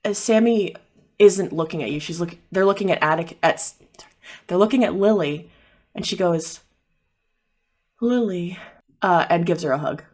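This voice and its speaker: A woman's voice: on the low side, normal speed, a little mellow. A woman narrating a tabletop game as game master, casual with many fillers.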